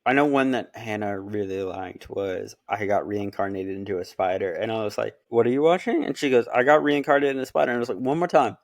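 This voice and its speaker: A man in casual chat, telling stories with animated, acted-out quotes. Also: fairly low pitch, brisk, hardly any pauses, no room sound, clean studio sound. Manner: animated storytelling, acts out quotes. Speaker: podcast co-host.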